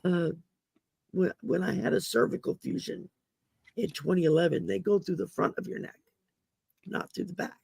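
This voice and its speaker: Lady hosting a live chat, growly gravelly voice, kinda husky, lots of ums. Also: lowish voice, darkish tone, no room sound. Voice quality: growly, gravelly from vocal cord damage. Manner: rambling, halting with many fillers. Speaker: host. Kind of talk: casual livestream chat.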